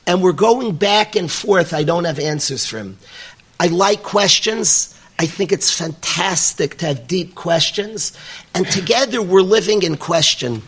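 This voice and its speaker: Earnest high-voiced man preaching. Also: a bit bright, breathy edge. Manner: earnest, emphatic, repetitive phrasing. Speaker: rabbi teaching yeshiva students. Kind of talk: sermon with storytelling. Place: room with a live audience.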